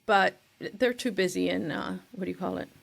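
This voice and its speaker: Woman co-host, casual podcast talk, fry in the voice, rambly and loose. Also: fairly low pitch, normal speed. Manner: chatty, rambling, loses her words.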